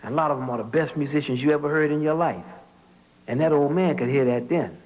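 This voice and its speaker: A man's voice: a little high, fast talker, darkish tone. A man from New Orleans giving a commencement speech as a story, who sings out drum and horn sounds along the way. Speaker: commencement speaker. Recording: muffled lo-fi speech recording.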